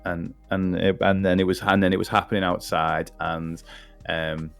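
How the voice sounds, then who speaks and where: A very deep-voiced man in his forties speaks with a Scouse accent. He is a podcast guest in loose conversation, starting over mid-sentence and laughing easily. Faint music plays in the background. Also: flat delivery, fairly bright tone. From Liverpool, England. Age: 40s. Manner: halting, restarts often, laughs easily. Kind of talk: casual personal conversation.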